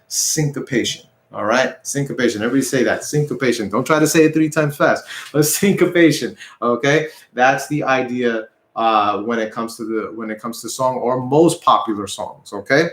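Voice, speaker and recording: A man's voice: medium pitch, moderate pace, hardly any pauses, a bit bright, reverberant. A man teaching an online guitar lesson, patient and repetitive, counting beats aloud as he explains. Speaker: music teacher. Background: guitar playing.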